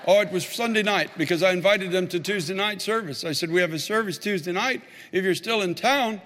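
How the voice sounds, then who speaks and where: Male pastor, sermon storytelling, fervent and emphatic, high voice, long hall reverb. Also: a little fast, fairly bright tone, slight background noise. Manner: builds to fervent, emphatic preaching.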